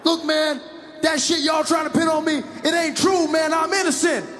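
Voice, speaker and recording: A man's voice: very high voice, level tone, measured pace, soft background music, voice pushed up. A man playing a stubborn barricaded suspect who refuses to come out. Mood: defiant. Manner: shouting, stubborn. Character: defiant barricaded male suspect.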